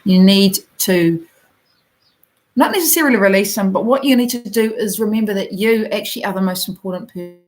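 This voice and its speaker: A woman's voice: mid-range voice, a little fast, low-quality recording. Encouraging New Zealand woman reading cards. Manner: gentle, encouraging, addresses the viewer directly with many fillers. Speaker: oracle card reader. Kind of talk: live card reading for viewers.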